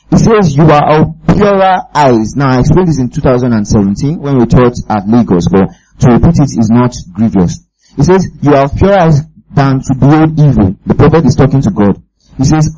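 Male preacher, warm husky voice, emphatic and probing, dull lo-fi recording. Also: mid-range voice. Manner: emphatic, keeps asking the audience if they follow. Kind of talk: sermon.

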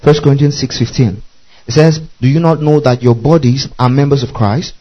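Preacher who keeps checking "do you see that?". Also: male voice, medium pitch, fairly even intonation, moderate pace, lo-fi sound. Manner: checks understanding constantly, spells out Greek words letter by letter. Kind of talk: Bible teaching sermon.

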